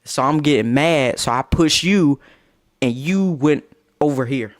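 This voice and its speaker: A young man streaming live from his phone, telling a crude, excitable story and acting out what others said. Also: on the high side, measured pace. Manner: crude, excitable, acts out quotes.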